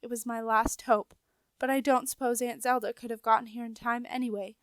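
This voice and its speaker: A woman's voice: a little high, level tone, brisk, clean tone, dry recording, lightly acted. Lady doing a bossy young royal girl, stern and insistent, storybook read.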